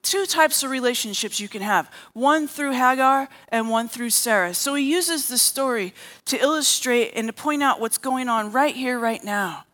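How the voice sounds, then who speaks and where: A woman's voice: high voice, moderate pace, fairly bright tone. A woman preaching a sermon as a therapist, telling a story and acting out the characters' lines.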